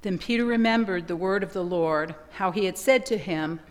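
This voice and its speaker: A woman reading scripture aloud as a lector at a service, steady and earnest. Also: lowish voice, normal speed, hardly any pauses, long reverb tail.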